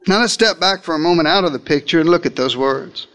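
Guy preaching in a high voice, dramatic storytelling, pitch jumps all over. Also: fast talker, fairly bright tone. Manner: storytelling with big swings in pitch and volume. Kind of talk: dramatic first-person sermon.

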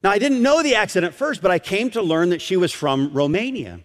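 In a high-pitched, brisk voice, a middle-aged man delivers a sermon built around a story. He narrates with animation and performs the people's voices, with long hall reverb on the recording.

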